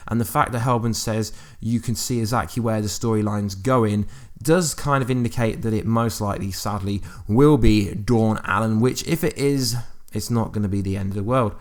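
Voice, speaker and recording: A man's voice: lowish voice, moderate pace. A man hosting a fan channel, reading quotes aloud and musing over them in casual commentary with fillers and restarts. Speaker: YouTube fan channel host.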